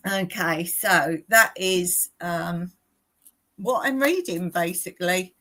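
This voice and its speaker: A woman's voice: on the low side, slow pace, pushed and bright, rough recording. A middle-aged woman hosting a casual live stream, chatty and rambling, often laughing as she talks.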